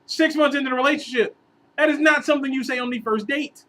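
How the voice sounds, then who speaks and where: High, bright-voiced man ranting. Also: fast talker, slight background noise, low-quality recording. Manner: rambling, animated, bursts into exasperated outbursts. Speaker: vlogger giving relationship advice. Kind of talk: casual storytelling monologue.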